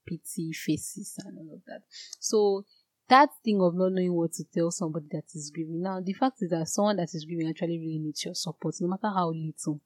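A woman telling her own story in an earnest, direct way, growing animated and indignant at times. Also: on the low side, no echo. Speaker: guest sharing a personal story. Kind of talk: candid personal testimony.

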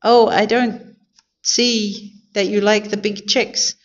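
A woman's voice: medium pitch, level tone, takes it slowly, lo-fi sound, pitched above the performer's own voice, close to an everyday voice. A woman voicing a cheerful, literal-minded housekeeper with folksy, plain-spoken talk in a storybook. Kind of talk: storybook character voice.

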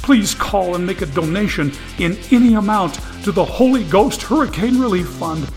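A man's voice: a little high, moderate pace, a bit bright, soft background music, pitched above the performer's own voice, lightly acted. A man voicing a tearful male TV preacher who pleads fervently with his flock. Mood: pleading. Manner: preachy, rising fervor, pleading.

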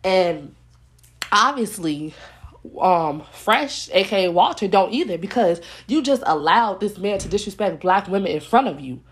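A woman's voice: medium pitch, animated, measured pace. Young woman ranting on her vlog, blunt and fired up, lots of like and y'all. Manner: blunt, heated, repeats herself, peppered with "like" and "y'all". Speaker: commentary vlogger. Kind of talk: casual rant to viewers.

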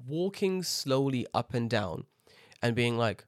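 A man telling an animated, heavily sworn rant about an airport in a casual chat, acting out the people he met. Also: medium pitch, measured pace, no echo, clean studio sound. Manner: animated ranting, swears a lot, acts out people.

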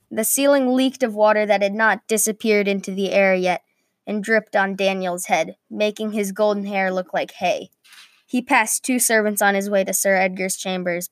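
A woman reading a medieval adventure story aloud at a middle pitch, steady but with small slips. The sound is dry and close, with no room around it. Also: no echo.

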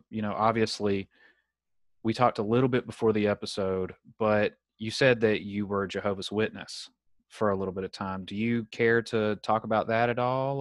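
A young man, hosting a podcast over a video call and telling a story in a casual, animated way. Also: fairly low pitch, dry recording. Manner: animated storyteller, acts out quoted voices. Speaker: podcast host.

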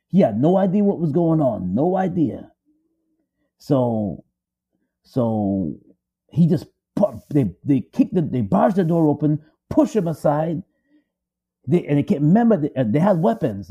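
A man's voice: medium pitch, big pitch swings, normal speed, husky. A man dramatically retelling a story, emphatic and repetitive, building suspense. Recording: dull lo-fi audio.

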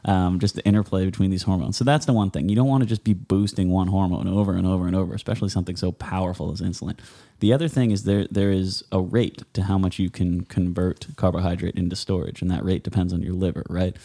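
Male podcast guest, deep mellow voice, loose rambling explainer. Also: fairly even intonation, quick pace, few pauses. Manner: explains with many fillers and restarts, sarcastic asides. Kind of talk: casual conversation.

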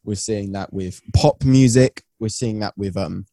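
A man's voice: on the low side, a little slow, dark tone, dry recording, studio quality. A young British man chatting enthusiastically as a guest on a podcast, rambling and slangy. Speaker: guest musician. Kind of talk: casual podcast chat.

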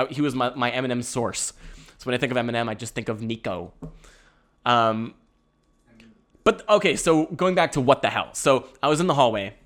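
Telling a meandering funny story, this young man from Canada has a mid-range, rather bright voice. Profanity flows freely, and he laughs a lot and pokes fun at himself along the way.

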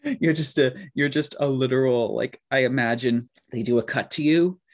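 A man's voice: mid-range voice, normal speed. A man co-hosting a podcast in casual chat, teasing and rambling as he talks. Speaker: podcast co-host.

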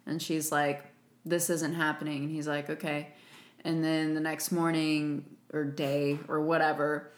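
A woman's voice: sits low, flat delivery, a little slow. A woman co-hosting a podcast, chatting casually and laughing as she recaps a movie plot. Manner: chatty, laughs often, acts out quotes. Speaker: podcast co-host. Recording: echoey room.

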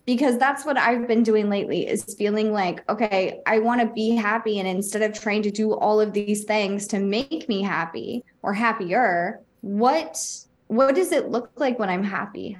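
A woman's voice: mid-range voice, normal speed, hardly any pauses. A woman co-hosting a podcast, chatting casually and laughing at her own mistakes. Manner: chatty, rambling, laughs at herself. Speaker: podcast co-host and psychic medium.

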